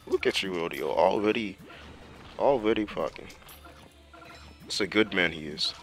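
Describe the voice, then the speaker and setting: A young man with a low, deep voice talks through his gameplay in loose, slangy self-talk. His tone is bright and forceful, and he fills gaps with filler words. Faint game music plays quietly underneath. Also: unhurried, vocal fry. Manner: talks to himself while playing, slangy, with many fillers. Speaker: gameplay commentator. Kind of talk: casual gameplay commentary.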